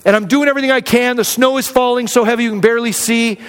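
Male pastor from Arizona with a high voice, earnest and conversational storytelling, with a long hall echo. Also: fairly even intonation, quick pace, smooth. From Arizona, USA. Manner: earnest, candid, conversational with many restarts. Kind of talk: sermon storytelling.

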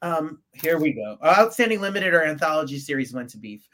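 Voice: mid-range voice, sing-song, fairly quick, a bit bright. Podcast co-host reading award results. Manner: reads from notes with fillers and stumbles.

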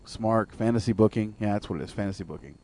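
A man's voice: on the low side, quick pace, mellow. A man co-hosting a radio show, rambling through his opinions and searching for words. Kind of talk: casual wrestling talk.

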